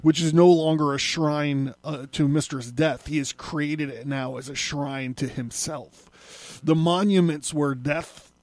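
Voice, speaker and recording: A podcast host talks through a comic book in a relaxed, unhurried way, chuckling now and then and leaning on filler words. His voice sits a bit high for a man and moves slowly. The recording is close and dry. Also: dry recording. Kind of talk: casual comic book recap.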